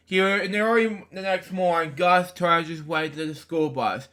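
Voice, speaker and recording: A man's voice: sits high, normal speed, pushed and bright. A man reading a children's book aloud, stumbling over words and adding offhand comments between pages. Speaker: storybook reader.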